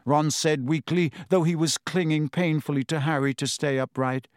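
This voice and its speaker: A man reading an audiobook in a measured, dramatic storytelling manner. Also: on the high side, fairly even intonation, no echo, clean studio sound. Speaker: audiobook narrator. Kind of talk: scripted narration.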